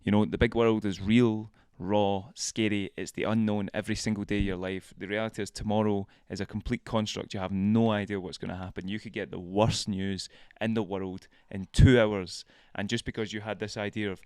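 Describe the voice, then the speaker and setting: A man's voice: lowish voice, steady tone, moderate pace, darkish tone, clear, resonant tone, no echo, studio quality. A young Scottish man giving a casual self-help monologue, often laughing and swearing casually. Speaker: vlog host.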